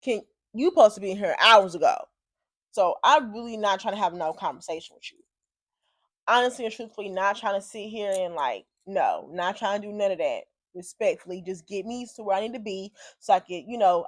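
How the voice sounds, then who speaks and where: A woman vlogger telling a story casually, with animated, profanity-heavy, exasperated delivery. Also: medium pitch, brisk, no echo.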